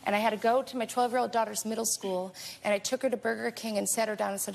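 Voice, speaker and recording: A middle-aged woman, a talk show guest, speaking in a forceful, indignant way. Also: mid-range voice, steady tone, fast talker, creaky, hardly any pauses, a little hiss or hum, poor audio. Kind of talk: emotional testimony on a talk show.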